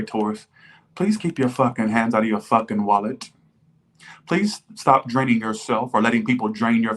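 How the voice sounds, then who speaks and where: A man's voice: medium pitch, a bit bright. A man reading tarot for his viewers in a loose, chatty way. He is blunt and swears freely, and he keeps breaking into mock back-and-forths with imagined viewers. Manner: blunt, profane, jumps into mocking imagined viewers. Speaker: tarot reader. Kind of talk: casual tarot reading livestream.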